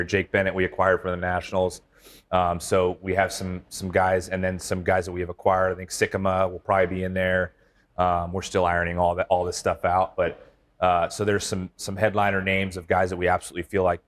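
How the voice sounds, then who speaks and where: Low-voiced baseball manager, loose and rambling. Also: male voice. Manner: relaxed, rambling, frequent fillers and restarts. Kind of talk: casual interview chat.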